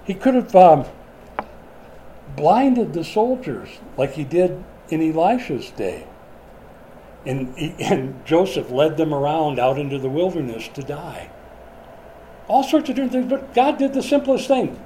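A man's voice: a little high, sing-song, measured pace, mellow, a little hiss or hum, rough recording. A middle-aged man preaching a sermon in a conversational way, asking the congregation questions as he goes. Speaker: pastor.

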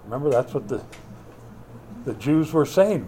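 A man preaching a sermon as pastor, swinging between loud emphatic bursts and quiet asides, with a wry, joking touch. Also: on the high side, expressive, moderate pace, slight background noise. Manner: wry, joking delivery with mock quotes.

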